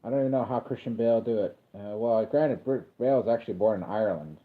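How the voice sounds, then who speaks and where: A man's voice: on the low side, fast. Chatty man on tinny lo-fi audio. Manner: rambling and chatty, with sudden excited calls of the action. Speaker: livestreamer reacting to a wrestling event. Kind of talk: casual live reaction commentary.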